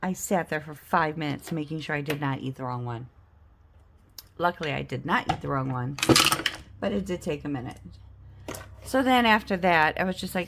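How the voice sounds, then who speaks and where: A woman vlogging at home, telling a self-mocking story in a chatty, animated way while playing a game. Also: deep voice, moderate pace, long pauses, very noisy. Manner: chatty, self-mocking, animated storyteller who acts out the other people's lines. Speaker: budget and game-night vlogger.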